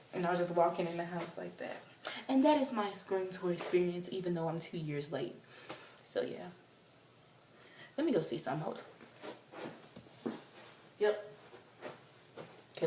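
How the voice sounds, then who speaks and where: A young woman telling a story to camera in a casual, animated way, acting out quotes in squealing voices. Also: fairly low pitch, far from the mic. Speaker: vlogger. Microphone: camera mic from a distance. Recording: roomy, off-mic, faint hiss.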